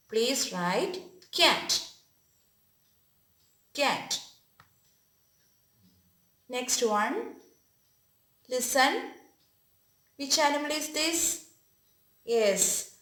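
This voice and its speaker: A woman teaching young children in an online class, dictating slowly and repeating each word for them to write down. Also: fairly high pitch, big pitch swings, fairly bright tone. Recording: echoey room.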